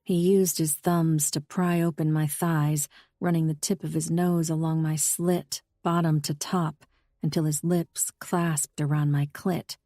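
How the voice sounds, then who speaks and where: A woman reading a first-person audiobook novel in a steady, intimate way. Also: sits low, measured pace, dry recording, clean studio sound. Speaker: audiobook narrator. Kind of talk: scripted first-person narration.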